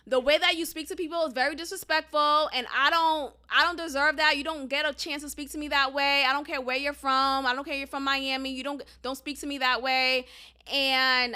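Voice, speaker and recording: A woman hosting a podcast, telling a personal story in a casual, emphatic way, sometimes cursing and calling her listeners y'all. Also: high-pitched. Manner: emphatic, animated, profane, addresses listeners as y'all. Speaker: podcast host.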